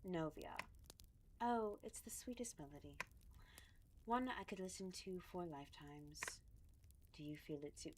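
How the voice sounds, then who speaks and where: A woman voicing an ethereal flame spirit in a dating game, reading its lines in a slow, stately, hushed regal voice. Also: fairly low pitch, noisy background, natural voice. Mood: regal, tender. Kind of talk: reading a dating sim character aloud.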